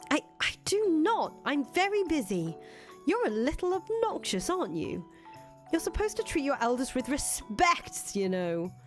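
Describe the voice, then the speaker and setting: A woman's voice: sits high, very animated, measured pace, faint music behind, voice pushed up. A woman voicing an earnest young foreign traveler who talks chattily and stammers when she gets nervous, in a fan voice acting of a visual novel. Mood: flustered.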